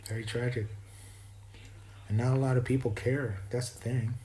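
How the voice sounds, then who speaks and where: A man's voice: mid-range voice, steady tone, moderate pace, warm tone, low-quality recording. A man with a self-described imperfect East Coast American accent, giving a rambling spiritual monologue and often stopping to restart his sentences. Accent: East Coast American, self-described as not perfect. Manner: meandering and reflective, with frequent restarts.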